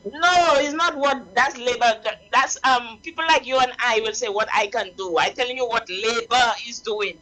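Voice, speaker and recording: A woman's voice: on the high side, moderate pace, hardly any pauses, pushed and bright, poor audio. A woman with a Saint Lucian accent calling in to a radio talk show, impassioned and preachy, repeating her points. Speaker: caller. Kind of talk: radio call-in.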